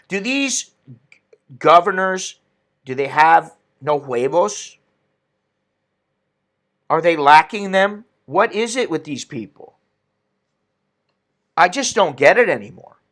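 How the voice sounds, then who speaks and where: A man's voice: sits high, lively intonation, takes it slowly, long pauses, a bit bright. Indignant man ranting on a stream. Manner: ranting, indignant, reads chat aloud. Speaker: political commentary host. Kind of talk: opinionated live-stream commentary.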